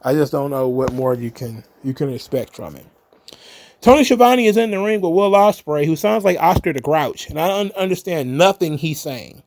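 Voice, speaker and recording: A man's voice: a little high, normal speed, darkish tone. A man giving a blunt, sarcastic, casual recap of a wrestling show, cursing now and then.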